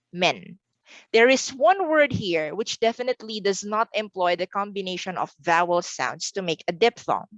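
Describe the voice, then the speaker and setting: A woman's voice: medium pitch, no room sound, muffled recording. A woman from the Philippines giving an online exam review lesson, repeating words carefully for pronunciation drills.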